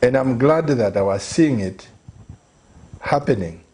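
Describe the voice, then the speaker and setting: A middle-aged man, a pastor, telling a story in earnest on a talk show, slow and pleading, repeating phrases for emphasis. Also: mid-range voice, animated, darkish tone.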